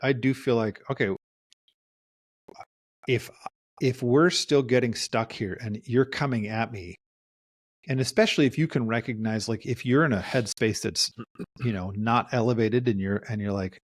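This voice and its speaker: A man's voice: medium pitch, normal speed, pauses often, no echo, clean studio sound. A man, a therapist co-hosting a podcast, talking things through in a reflective way and acting out quoted lines. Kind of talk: casual podcast discussion.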